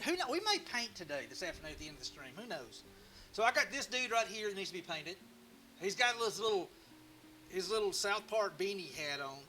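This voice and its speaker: A man hosts a laid-back live stream, talking in a rambling, self-mocking way. His voice sits high and rings bright and forceful. Soft music plays faintly underneath. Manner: rambling, joking and self-mocking, with frequent restarts. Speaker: live-stream woodcarving host. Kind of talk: casual live-stream chat.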